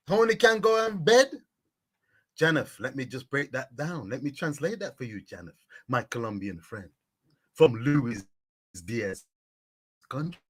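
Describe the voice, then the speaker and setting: A man's voice: medium pitch, husky. A man hosting a sports live stream, reading out viewers' comments and answering them by name, repeating his catchphrases in a preachy way. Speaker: sports vlogger.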